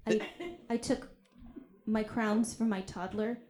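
A woman's voice: fairly high pitch, a little mellow. A woman playing a proud, industrious little girl pageant queen in improv comedy, prim and self-assured.

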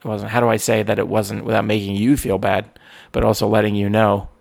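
A man in casual chat, rambling and animated as he tells stories, swearing freely. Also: fairly low pitch, fairly quick, creaky.

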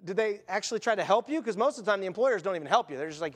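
A man with a high voice preaches a sermon, talking to the congregation like a friend and acting out quotes along the way. His words ring out with a long reverb, as in a large church sanctuary. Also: lively intonation, very fast. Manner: conversational preaching with asides and acted quotes. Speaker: pastor.

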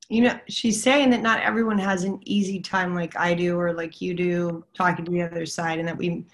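Halting woman medium on a podcast. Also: on the low side, steady tone. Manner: halting, pausing to listen inward. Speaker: psychic medium co-host. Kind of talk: casual chat.

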